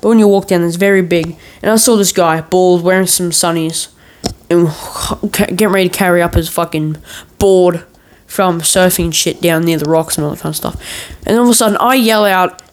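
This is a man hosting a podcast and telling a long, casual story that drifts around, packed with jokes, swearing and false starts. He has a high-sitting voice and speaks at a normal speed. The recording is low quality.

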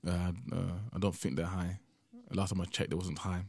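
A young British man with a low, gravelly, darkish voice hosts a casual solo podcast, speaking at a moderate pace in a level tone with no echo. He rambles conversationally, often tossing in "man," and sounds tired and drowsy.

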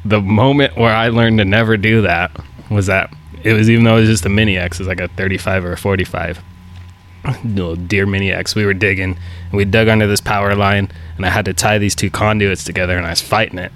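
Low-ish guy host, swears a lot telling work stories, faint hiss behind. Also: fairly even intonation, fast, a bit bright. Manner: swears freely, acts out quotes. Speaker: podcast host. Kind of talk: casual storytelling chat.

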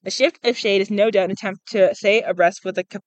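A woman's voice: medium pitch, fairly even intonation, quick pace, no echo, poor audio. Young adult woman, casual read-aloud host, stumbles and giggles, dry cheap-mic sound. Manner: stumbles over words, laughs often, says "like" a lot. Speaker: podcast host reading a book aloud. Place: outdoors in a public spot. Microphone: cheap small microphone.

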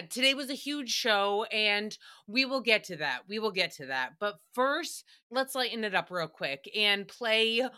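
A woman hosting her own podcast, talking solo in a brash, profane, animated way as she tells stories. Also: medium pitch, clear, resonant tone. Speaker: podcast host. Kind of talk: casual solo podcast chat.

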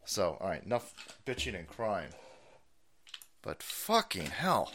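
A middle-aged man live-streaming a profane, exasperated rant as a political commentator, lurching between low mutters and loud outbursts. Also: wildly swooping pitch, slow, long pauses, a little hiss or hum.

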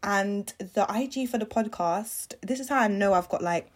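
A woman's voice: medium pitch, normal speed. A young woman hosting her own podcast in casual solo chat, rambling and leaving sentences unfinished. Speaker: podcast host.

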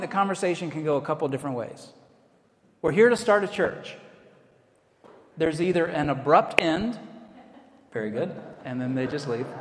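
An American man preaching a sermon as a pastor, conversational, with self-deprecating asides. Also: fairly high pitch. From United States. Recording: echoey hall, long reverb.

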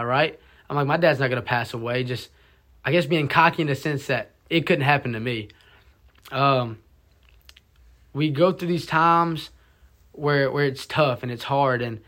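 A young man shares a personal testimony in a mid-pitched voice. He tells it haltingly and with emotion, often stopping to restart a sentence. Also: fairly bright tone. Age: young adult. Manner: halting, emotional storytelling with many restarts and fillers. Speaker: college student sharing his testimony.

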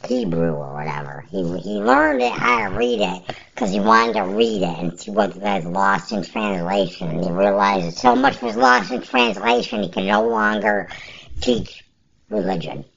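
A woman's voice: fairly low pitch, huge pitch swings, normal speed, gravelly, fairly bright tone, muffled recording. A woman podcast host giving casual, rambling fantasy sports picks in a blunt, offhand way, with some profanity.

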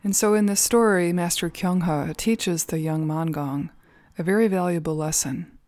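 A woman telling a teaching story for a podcast at a Zen center, calm and measured with a few soft fillers. Her voice sits on the low side. The sound is dry and close, with no room echo.

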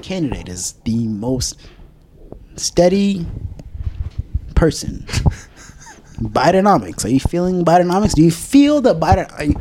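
A man's voice: a little high, big pitch swings, measured pace, pauses often, mellow, a little hiss or hum. A man hosting a casual podcast chat, ranting profanely and laughing often.

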